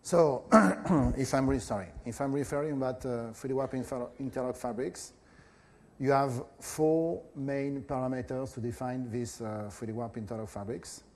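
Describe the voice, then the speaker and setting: A middle-aged professor with a French accent gives a conference lecture in a mid-range voice. He speaks hesitantly, with many pauses and filler sounds.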